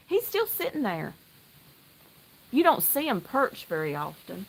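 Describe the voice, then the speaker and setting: A middle-aged woman from North Carolina, chatting casually with viewers on a livestream, excitable and greeting people by name. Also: medium pitch, a little slow, gravelly, pauses often, a little hiss or hum. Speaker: livestream host. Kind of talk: casual live chat while knitting. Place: outdoor deck at home.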